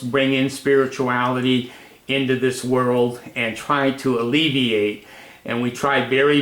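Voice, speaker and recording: An elderly man in his eighties talks in a flat, monotone way, rambling with many fillers. His tone is affectionate and casual. The sound is echoey, as in a bare room at home. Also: mid-range voice. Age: 80s. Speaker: host. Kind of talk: casual home video talk.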